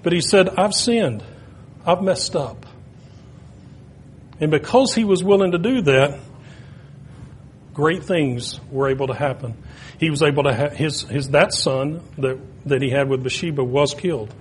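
A man with a fairly high voice preaches a sermon, telling stories in a conversational way and rising to loud, emphatic peaks. A faint low rumble sits under the recording. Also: measured pace, long pauses.

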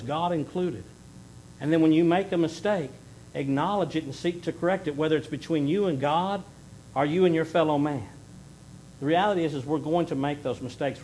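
A middle-aged man preaching a sermon in earnest, rising to loud emphasis and then dropping to a hushed plea. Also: a little high, a little hiss or hum, rough recording. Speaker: pastor.

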